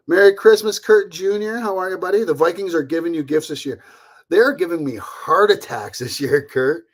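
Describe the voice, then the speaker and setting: A man hosting a casual live stream from home, rambling chattily, greeting viewers by name and laughing often. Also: medium pitch. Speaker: livestream host.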